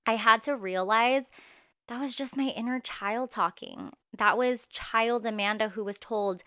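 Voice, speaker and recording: Woman, 30s, podcast host; candid and chatty with loose filler words, crisp voice, dry close sound. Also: fairly high pitch, normal speed, a bit bright, dry recording. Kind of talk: casual solo podcast talk.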